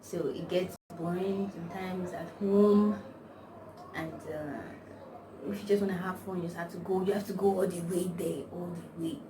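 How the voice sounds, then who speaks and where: A young woman talks casually to her vlog audience, sprinkling in Pidgin and Yoruba. She sits a little away from the microphone. The room rings with echo and steady background noise. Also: lowish voice, moderate pace, recorded from a distance. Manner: chatty, mixes in Nigerian Pidgin and Yoruba phrases. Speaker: vlogger. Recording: echoey room, from off mic, noisy.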